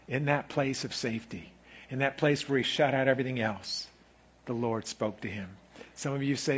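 A middle-aged man preaching a sermon as pastor, moving from quiet, intimate stretches to loud, emphatic ones. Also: mid-range voice, brisk, slightly rough.

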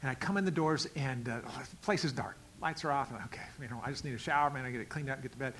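A middle-aged male pastor telling a story in a sermon, acting out the dialogue and swinging from loud outbursts to quiet asides. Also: mid-range voice, fast, slight background noise, low-quality recording. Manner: animated, acts out dialogue with big swings in loudness.

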